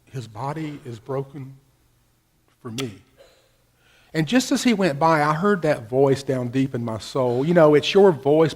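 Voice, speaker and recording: Middle-aged male pastor, slightly high voice, storytelling sermon that swings from loud to hushed.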